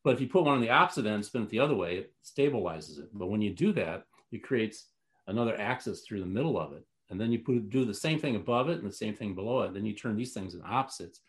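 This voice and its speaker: A man's voice: lowish voice, lively intonation, fast talker. A man telling a long personal story in a casual interview, rambling with many fillers and restarts. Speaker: guest.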